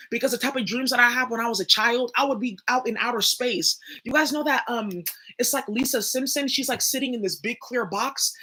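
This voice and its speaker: A bright-voiced young woman, a spiritual reader who hosts her own channel, rants in a casual monologue, blunt, profane and emphatic as she speaks straight to viewers. Her voice is on the high side and husky.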